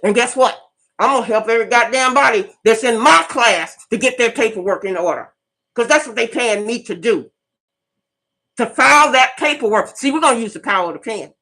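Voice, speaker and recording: A woman's voice: on the high side, animated, a little fast, bright, forceful tone. Fiery, preachy middle-aged woman. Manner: fiery, preachy, profane, repeats herself for emphasis. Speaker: channel host. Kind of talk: impassioned monologue.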